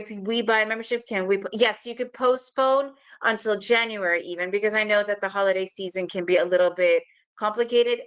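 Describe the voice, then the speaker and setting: Upbeat woman with a smooth voice. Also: mid-range voice, fairly bright tone. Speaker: guest presenter. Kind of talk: webinar presentation wrap-up. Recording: dull lo-fi online call audio.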